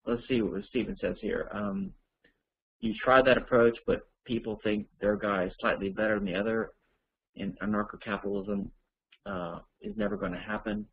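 A man with a gravelly, husky voice answers listener questions for an online course, thinking aloud as he goes. The audio is dull and lo-fi. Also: fairly low pitch, level tone, moderate pace.

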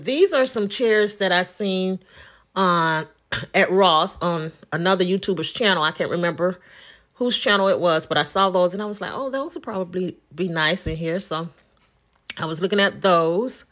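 A woman's voice: medium pitch, normal speed, a bit bright. A woman with a Southern US accent, chatting casually as she walks viewers through a room she plans to redecorate, thinking aloud with frequent ums. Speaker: home decor vlogger. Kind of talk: casual walkthrough chat.

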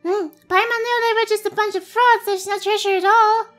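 A woman's voice: steady tone, fairly quick, fairly bright tone, soft background music. A woman voicing a tiny, chirpy fairy companion girl who talks about herself by name, in a game. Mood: fretful. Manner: chatty, squeaky, refers to herself by name.

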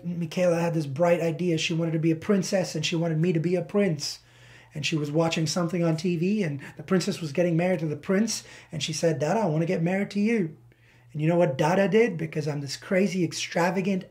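A man in his thirties preaching a sermon as a pastor, animated, slowing down to stress key words. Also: a little high. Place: church.

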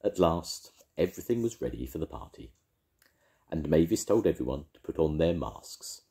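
An older man reading a children's story aloud with gentle, expressive storytelling. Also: extremely low pitch, moderate pace, creaky.

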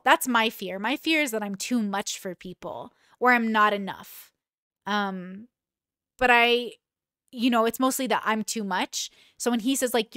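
A woman's voice: on the high side, normal speed, sharp tone, no echo, studio quality. A woman in her thirties hosting a reaction commentary, talking candidly and emotionally with many restarts. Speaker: commentary host.

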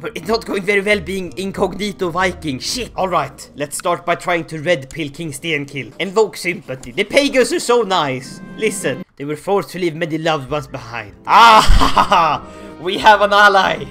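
A man narrating a strategy game playthrough, excitable and theatrical, laughing and bursting into shouts. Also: on the high side, normal speed, few pauses, soft background music. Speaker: gaming YouTuber. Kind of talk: Let's Play commentary.

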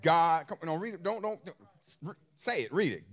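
A man's voice: on the high side, animated, normal speed. A man preaching a sermon in an emphatic style, repeating phrases and throwing questions to his listeners, with features. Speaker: pastor.

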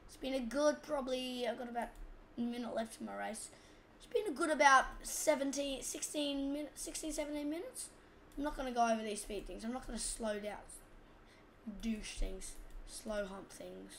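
A woman's voice: high-pitched, brisk, a bit bright, slight background noise. A woman with an Australian accent, hosting a casual gameplay commentary in a chatty, rambling way that keeps getting sidetracked. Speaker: gaming channel host.

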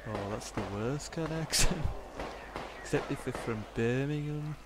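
Slow-talking teasing male gamer. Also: medium pitch, heavy background noise. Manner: unhurried, teasing, laughs often. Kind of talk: casual co-op gaming chat. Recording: voice chat over loud game sounds.

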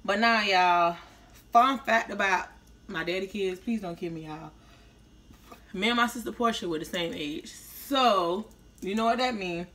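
A woman talks to her viewers in a loose, slangy mukbang chat. She chews between lines and sounds a little slurred. Her voice is bright and forceful, with a middle pitch. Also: a little slow. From Tampa, Florida, US. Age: 30s. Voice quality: slightly slurred speech after orthodontist visit. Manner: slangy, chatty, talking while eating. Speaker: vlogger. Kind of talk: casual mukbang vlog chat.

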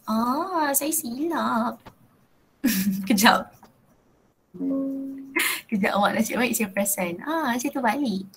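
A woman's voice: fairly high pitch, normal speed, hardly any pauses, faint music behind, poor audio. A young woman with a Malaysian accent teaching a live chemistry class, switching between Malay and English and checking in with her students. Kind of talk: live online class lecture.

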